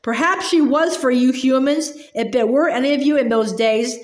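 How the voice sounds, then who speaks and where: A bitter male dwarf who snaps out cold, defiant complaints, voiced by a woman reading aloud. The voice sits high, and the room gives it a roomy ring. It is an audiobook-style storybook reading. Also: moderate pace, close to an everyday voice. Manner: cold, snapping. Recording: roomy echo.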